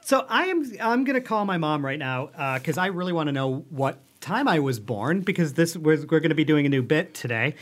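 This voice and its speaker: A man's voice: on the high side, expressive, fairly quick, hardly any pauses. A man co-hosting a comedy podcast, chatting casually with playful, jokey asides. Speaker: podcast co-host.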